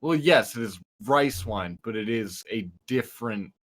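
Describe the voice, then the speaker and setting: A man playing in a tabletop game, chatting casually and arguing a point with some halting restarts. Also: medium pitch, expressive, fairly bright tone. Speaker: player.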